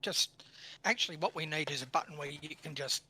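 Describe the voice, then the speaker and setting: Australian male co-host, friendly, high and sharply bright voice. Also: a little fast, a little hiss or hum. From Western Sydney. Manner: friendly, greets viewers by name. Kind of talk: casual live-stream chat.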